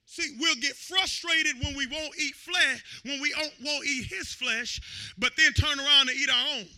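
A man preaching a sermon to his congregation in a fervent, repetitive call-and-response style, sometimes rising to shouts and sometimes dropping low and quiet. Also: normal speed.

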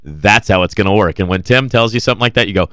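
A man's voice: on the low side, quick pace, a bit bright, smooth, dry recording. A man co-hosting a radio show, telling casual stories full of quoted dialogue and laughter. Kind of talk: casual storytelling chat.

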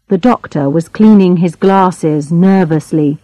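A woman narrating a graded-reader audiobook with a slow, clear, expressive reading. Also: on the low side, dry recording.

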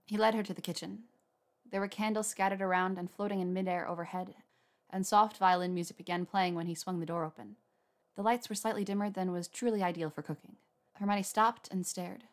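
Woman reading a story, lower voice. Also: steady tone, brisk. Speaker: narrator. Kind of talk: reading fan fiction aloud.

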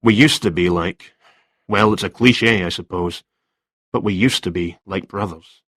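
A flustered, distracted writer, as a male narrator voices him in a storybook reading. He talks hesitantly in a lowish, dry voice. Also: normal speed, fairly bright tone, no room sound.

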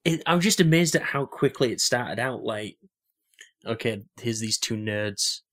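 A man's voice: mid-range voice, expressive, measured pace, fairly bright tone. A young man co-hosting a podcast in casual chat, rambling with lots of fillers and restarts. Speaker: podcast co-host.

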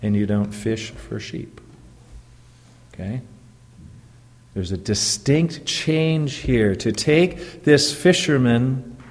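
Slow-preaching pastor in a reverberant hall. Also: male voice, mid-range voice, a little mellow. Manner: slow, deliberate preaching with emphatic rises. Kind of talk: sermon. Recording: long reverb of a church hall.

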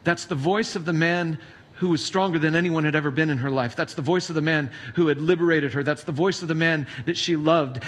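Male pastor, high-pitched, dynamic sermon storyteller. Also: fairly bright tone. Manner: reads scripture then retells it in plain storytelling.

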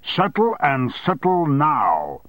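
A man reading an audiobook and voicing a blustering, domineering male newspaper owner who talks loudly and impatiently. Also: lively intonation, moderate pace, no echo. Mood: forceful. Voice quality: loud, booming. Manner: bullying, impatient.

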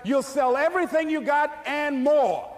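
A man's voice: extremely high pitch, moderate pace. A man voicing a confident, encouraging businesswoman who books speakers. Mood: assuring. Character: businesslike woman booking speakers.

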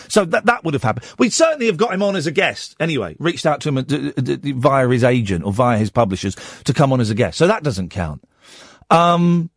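A croaky, husky man hosting a late-night radio show, his pitch swinging widely as he rambles and rants with a sardonic edge. His voice is recorded dry and close on a studio microphone. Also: dry recording.

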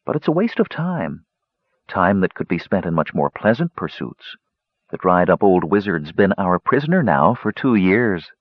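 A man putting on a languid, teasing dark-haired beauty. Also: low voice, sing-song, moderate pace, husky, no room sound, full character voice. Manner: soft, sighing, coaxing delivery. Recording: dull lo-fi dry recording.

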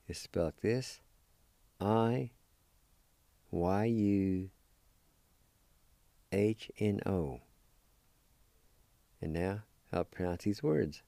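Middle-aged guy teaching words real slow, gravelly and low, dark mellow tone, dry close mic. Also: no room sound. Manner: deliberate, spells out letters one by one. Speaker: radio language teacher. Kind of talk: slow spelling and pronunciation lesson.

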